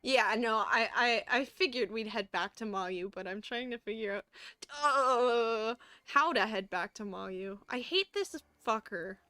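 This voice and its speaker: A woman's voice: on the high side, a little slow, bright, forceful tone, smooth, no echo. A woman streaming a horror game, casually chatting and reading on-screen text aloud, with the odd curse. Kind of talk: casual gameplay commentary.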